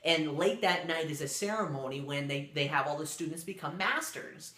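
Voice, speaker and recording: A man's voice: on the high side, normal speed, bright, forceful tone, roomy sound. A man casually telling a spoken story, rambling with fillers and restarts.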